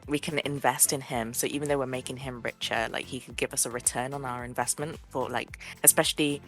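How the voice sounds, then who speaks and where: A woman's voice: very deep voice, fairly even intonation, fairly quick, a bit bright, faint music behind. A woman chatting on a casual podcast, full of likes and you knows.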